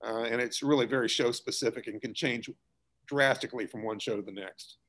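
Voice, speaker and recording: Here a middle-aged man with a mid-range voice describes his job directing school theater. He talks briskly but casually in a relaxed interview, often using fillers and starting sentences over.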